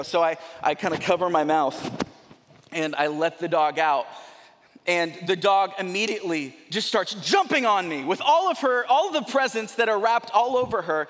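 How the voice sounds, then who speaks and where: A young man preaching, telling a rambling, animated story with many restarts. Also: high voice, normal speed. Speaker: pastor. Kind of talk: sermon storytelling. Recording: long hall reverb.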